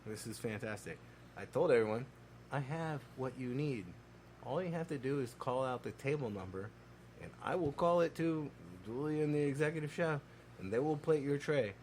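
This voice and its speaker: A man talks casually and profanely, throwing himself into every story. His pitch sits mid-range, and a faint hiss of background noise runs under the recording. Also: lively intonation, normal speed, darkish tone. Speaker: podcast co-host. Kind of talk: casual chat.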